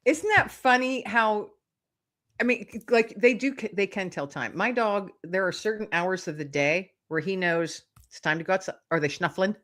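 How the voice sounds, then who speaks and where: A middle-aged woman, a guest author, telling lively anecdotes in casual chat, acting out little voices and laughing often. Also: mid-range voice, normal speed. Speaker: guest, author and podcast host.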